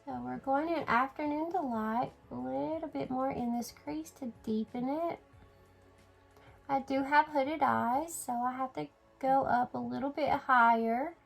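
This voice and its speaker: A woman's voice: high voice, measured pace, vocal fry, soft background music, poor audio. A woman filming a casual makeup tutorial at home, chatty and sleepy, yawning and apologizing as she talks. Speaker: beauty vlogger.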